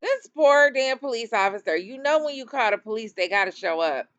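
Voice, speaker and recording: A woman's voice: on the high side, lively intonation, fairly quick, lo-fi sound. A woman giving sassy, incredulous reaction commentary in an exclamatory way.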